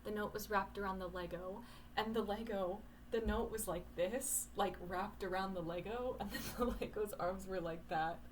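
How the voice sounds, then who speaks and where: A woman's voice: medium pitch, moderate pace, a little hiss or hum, poor audio. A young woman in casual talk to camera, rambling and candid, swearing casually, talking at home at night.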